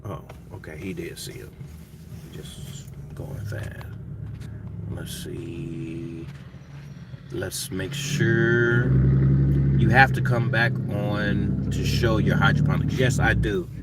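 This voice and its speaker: A man's voice: fairly low pitch, slow. A middle-aged man, chatting casually with viewers on a gardening livestream, rambling and calling them y'all. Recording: distant mic with faint background noise.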